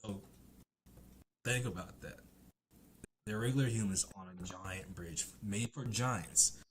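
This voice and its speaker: A man's voice: on the low side, takes it slowly, slight background noise. A man casually recapping a comic chapter, laughing often and swearing freely. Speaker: manga chapter reviewer.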